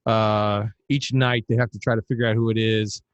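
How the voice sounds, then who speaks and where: A man's voice: on the low side, flat delivery, moderate pace, dry recording, lo-fi sound. A man co-hosting a podcast in casual chat, rambling on in a chatty way. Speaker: podcast co-host.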